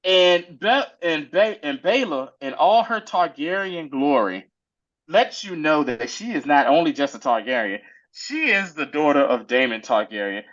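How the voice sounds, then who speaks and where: Chatting with a co-host, a man recaps a TV episode in an animated, slangy way, acting out the characters' lines in quick little voices. His pitch is fairly high, and the recording is muffled.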